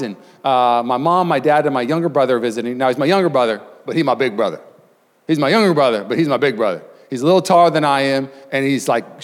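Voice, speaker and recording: A young adult male pastor telling a story in a sermon, animated, acting out voices. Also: mid-range voice. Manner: animated, acts out voices, shouts and laughs in the story. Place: church sanctuary. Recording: long hall reverb.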